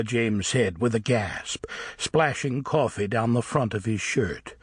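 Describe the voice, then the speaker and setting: A man narrating a novel as an audiobook reader, with expressive, varied storytelling. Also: on the low side, measured pace, slightly rough, dry recording, studio quality. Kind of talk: scripted narration.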